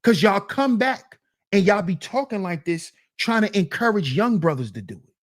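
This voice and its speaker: A woman's voice: medium pitch, lively intonation, normal speed. A woman hosting a reaction commentary channel, scolding and mocking her viewers and repeating lines for emphasis. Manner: slips into mock voices of the men she criticizes.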